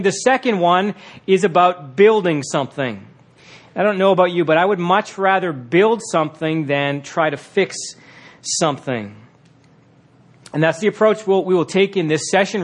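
A man teaching a session on marriage, talking conversationally with fillers and reading passages aloud. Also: high-pitched. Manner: conversational, with frequent fillers and restarts.

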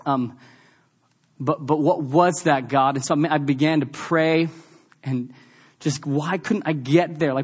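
Male pastor, high voice, emphatic sermon delivery with repeated lines and a chatty story mode. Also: measured pace, breathy edge.

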